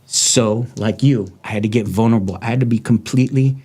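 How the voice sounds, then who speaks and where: A man's voice: fairly low pitch, brisk, mellow, slightly rough. A middle-aged man and former lawman hosting a podcast, speaking in a raw, blunt, heartfelt way. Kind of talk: candid podcast conversation.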